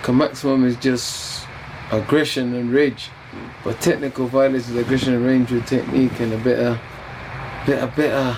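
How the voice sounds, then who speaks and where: A man's voice: medium pitch, level tone, normal speed, noisy background. A man being interviewed during fight week, talking in a laid-back, teasing and rambling way.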